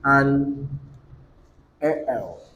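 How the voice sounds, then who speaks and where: A man with a Nigerian English accent teaching a classroom English lesson, dictating rules slowly, repeating them and quizzing students. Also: medium pitch, expressive, fairly bright tone, a little hiss or hum, low-quality recording.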